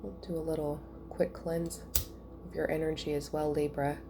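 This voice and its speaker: A woman giving a casual spiritual reading at home, chatty and thinking out loud with soft asides. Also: sits low, little pitch movement, normal speed, over music. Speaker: tarot reader.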